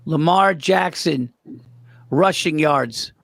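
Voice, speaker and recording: A man's voice: a little high, slow, gravelly, a bit bright. A man co-hosting a casual sports podcast, talking football betting picks in a loose, laughing way. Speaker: podcast co-host.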